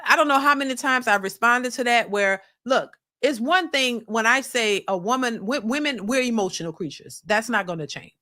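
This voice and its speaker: With a high-ish, bright and forceful voice, a reaction channel host delivers blunt commentary to viewers she addresses as "y'all." She's animated and preachy, talking at a moderate pace with few pauses, using casual slang and repeating her points.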